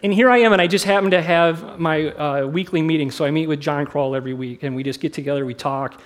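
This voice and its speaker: Middle-aged pastor guy, high voice, preaching casual and candid, kinda self-deprecating. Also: fast talker. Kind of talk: sermon with personal storytelling.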